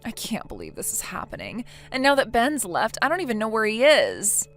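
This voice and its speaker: Tts woman doing a whiny clueless young wife, hesitant and pleading, slightly high voice. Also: huge pitch swings, fairly quick, fairly bright tone, soft background music, full character voice. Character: self-pitying young wife, whiny and naive. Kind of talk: text-to-speech text story narration.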